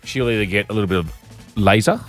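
A man co-hosting breakfast radio, jokey and quick to laugh. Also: fairly low pitch, soft background music. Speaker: radio co-host.

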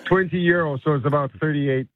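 A man's voice: on the high side, fairly even intonation, brisk, narrow, tinny audio, crowd noise. A man calling in to radio, amused, telling a holiday story. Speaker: caller.

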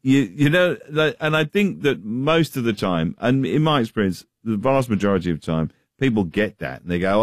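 A man's voice: on the low side, sing-song, moderate pace, hardly any pauses, dry recording, studio quality. A man from the of England, a comedian chatting in a radio interview with many restarts and fillers. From West Country, England. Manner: rambling, hesitant, many restarts. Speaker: comedian guest.

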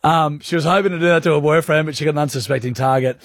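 An Australian man hosting a radio show, telling stories in animated, laughing banter from the studio. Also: fairly high pitch, racing, dry recording. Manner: animated storyteller, laughs often. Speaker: radio host.

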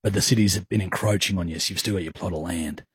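A man bantering as a radio co-host, teasing and laughing through the chat. His voice is slightly husky, recorded close and dry in a studio. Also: sits low, fast talker, dry recording. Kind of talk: casual banter.

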